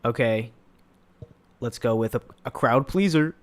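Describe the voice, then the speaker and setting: A man in his twenties co-hosting a live podcast, talking in a relaxed, rambling way and reading out chat comments. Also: mid-range voice, measured pace. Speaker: podcast co-host. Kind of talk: casual chat on a live stream.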